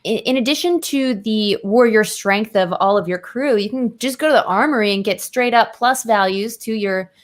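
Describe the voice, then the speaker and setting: A woman with a Midwestern accent hosting a game stream over a video call, upbeat and quick to laugh. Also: on the high side. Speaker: host explaining game rules.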